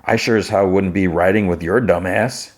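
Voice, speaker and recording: A man's voice: steady tone, normal speed. A man voicing a brash, foul-mouthed tough young woman who is snappy and mocking, in a casual retelling. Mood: indignant. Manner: snappy, mocking, shrill when alarmed.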